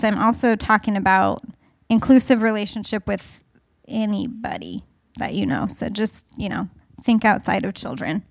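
A woman's voice: medium pitch, no room sound, studio quality. A middle-aged woman giving a candid, chatty personal talk to a group, full of fillers. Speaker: speaker.

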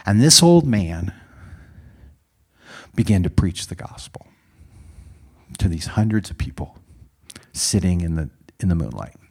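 A man preaching a sermon as a dramatic story, dropping to hushed whispers and rising to loud exclaims. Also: low voice, breathy edge.

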